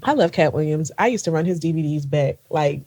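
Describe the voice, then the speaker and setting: A woman's voice: low-pitched, expressive, a little fast, mellow. A woman co-hosting a podcast, chatting casually, laughing often and speaking with emphasis. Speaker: podcast co-host. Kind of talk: casual chat.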